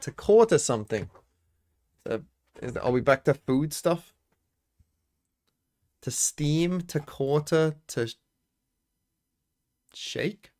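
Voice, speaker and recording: A man's voice: fairly high pitch, lively intonation, slow pace, long pauses, a little mellow. A man streaming live, casually chatting with viewers and muttering guesses to himself as he works through a word puzzle. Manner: thinks aloud, muttering guesses and reading chat. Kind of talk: casual livestream chat.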